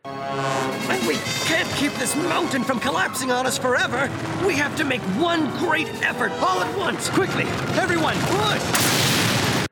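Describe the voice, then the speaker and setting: A heroic young Spider-Man from an animated series, shouting urgent orders in a very high, gravelly voice that leaps up and down. Loud score music plays behind him. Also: unhurried, heavily acted. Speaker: cartoon hero.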